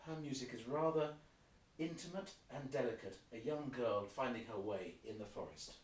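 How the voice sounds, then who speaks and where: A man's voice: mid-range voice, moderate pace, recorded from a distance. A man explaining an opera scene by scene, now and then singing short motifs to illustrate them. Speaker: opera guide. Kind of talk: guided listening tour with piano examples. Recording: roomy, off-mic, with piano.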